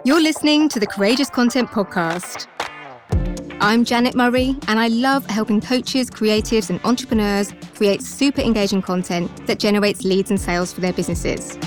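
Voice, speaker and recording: A woman's voice: medium pitch, normal speed, faint music behind. Upbeat woman podcast host. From north of England, raised in Kent. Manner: upbeat, clear scripted intro. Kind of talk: podcast hosting and interviewing.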